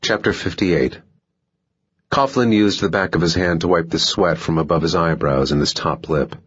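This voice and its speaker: A man narrating a thriller audiobook in a measured, even way. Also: sits low, breathy edge, lo-fi sound. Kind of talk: scripted narration.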